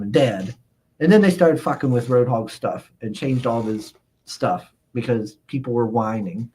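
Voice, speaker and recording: A man hosting a livestream, chatting casually and reading viewer comments aloud, rambling and chuckling often. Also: mid-range voice. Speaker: livestream host.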